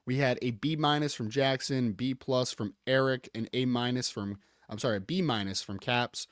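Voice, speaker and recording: A man's voice: medium pitch, normal speed, no room sound, studio quality. A man co-hosting a sports podcast, speaking casually and reading viewer comments off a list.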